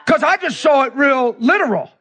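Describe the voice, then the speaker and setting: A man, a pastor, preaching with animated, emotional storytelling that swings between hushed asides and near-cries. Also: very high-pitched, moderate pace.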